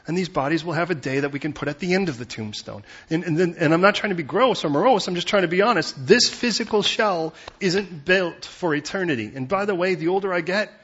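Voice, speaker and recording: Husky animated preacher, lo-fi sound. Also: male voice, a little high. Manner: conversational and animated, acts out biblical voices. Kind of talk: sermon. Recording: dull lo-fi recording.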